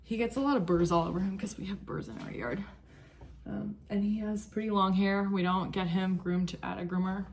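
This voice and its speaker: A young woman vlogs about knitting at home, chatting and rambling as she drifts off topic. Her mid-range voice has fairly even intonation and a moderate pace, with a slight hiss or hum in the recording.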